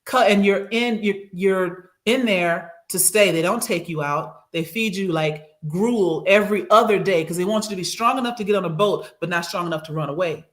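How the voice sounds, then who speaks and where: A woman recounting a personal trip in casual podcast chat, animated and acting out what others said, on a studio microphone. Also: medium pitch, normal speed, few pauses. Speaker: regular co-host and guest.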